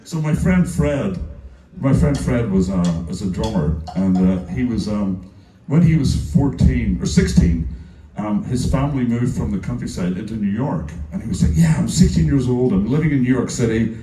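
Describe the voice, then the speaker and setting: A man from Ireland, a musician, telling animated anecdotes on stage and acting out the voices of the people in them. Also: medium pitch, moderate pace, a little hiss or hum. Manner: animated, acts out voices in quotes, laughs often. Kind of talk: casual onstage storytelling. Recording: echoey club from a distance.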